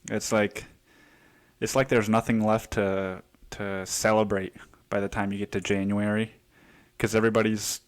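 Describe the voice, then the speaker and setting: A man hosting a casual solo podcast, profane and rambling, laughing often and out of breath as he talks. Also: lowish voice. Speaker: podcast host.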